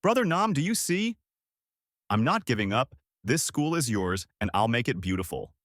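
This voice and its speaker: A man voicing a grieving young woman who teaches in a village, pleading and shouting through tears. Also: fairly low pitch, animated, normal speed, no room sound, studio quality. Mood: fervent.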